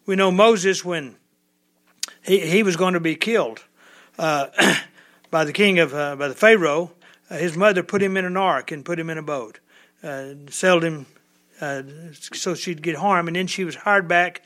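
A man's voice: a little high, normal speed, fairly bright tone. A middle-aged man from Texas, a lawyer, giving a folksy, rambling devotional talk with many restarts.

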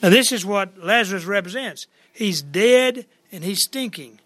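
A man's voice: high voice, expressive, unhurried, a bit bright. A man preaching a plainspoken, conversational verse-by-verse sermon to a church congregation, retelling scripture in everyday words.

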